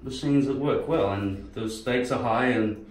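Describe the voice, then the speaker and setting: An unhurried, medium-pitched male vlogger rambles casually, swearing freely, drifting between topics and breaking into impressions. The sound is roomy, as if recorded from a distance.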